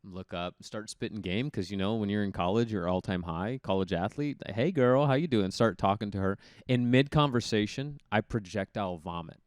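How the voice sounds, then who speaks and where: Animated male storyteller, smooth voice. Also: fairly low pitch, normal speed, hardly any pauses, no room sound, studio quality. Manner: animated storyteller, acts out voices in his anecdotes. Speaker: guest, former college hockey player. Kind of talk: casual storytelling interview.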